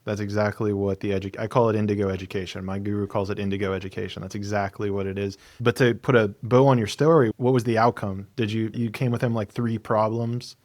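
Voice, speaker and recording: Male host, low flat delivery, quick, dry close sound. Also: dry recording. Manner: brief affirming interjections and questions. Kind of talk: casual interview.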